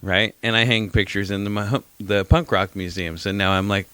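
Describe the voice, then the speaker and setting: Middle-aged male podcast co-host, low voice, rambling storyteller, dry close mic. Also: flat delivery, moderate pace, bright, forceful tone, dry recording. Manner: rambling, repeats himself, swears casually. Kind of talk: casual storytelling chat.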